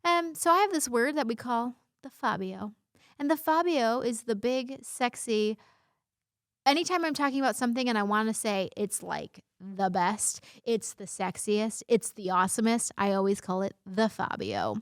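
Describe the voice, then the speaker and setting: A woman in her thirties hosts her own casual vlog, speaking straight to the camera. Her voice sits a little high, and her delivery is bubbly and playful, full of jokey asides. The sound is close and dry, with almost no room echo. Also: normal speed. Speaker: vlog host. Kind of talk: casual talking-head vlog.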